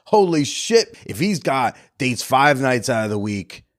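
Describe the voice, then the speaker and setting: A man's voice: mid-range voice, big pitch swings, measured pace. A man voicing a dim, boastful young alpha bro who talks in swaggering slang.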